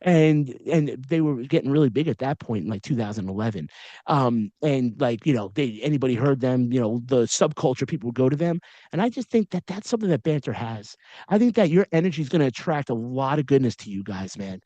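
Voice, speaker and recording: A man's voice: medium pitch, expressive, a little fast, dark tone, no echo, lo-fi sound. A man in his forties hosting a podcast interview, telling long stories in casual slang with many asides. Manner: storytelling with frequent slang and asides. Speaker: podcast host.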